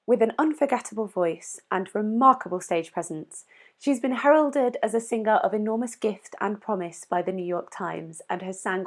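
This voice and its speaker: A woman hosting an interview podcast, introducing her guest and asking questions with enthusiasm over a video call. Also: medium pitch. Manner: warm, enthusiastic, asks questions in quick strings.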